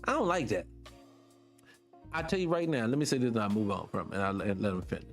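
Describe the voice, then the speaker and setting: A fast-talking morning show host with big pitch swings reacts to clips over faint background music. His casual commentary is emphatic, blunt, and profane, his pitch jumping up to make a point.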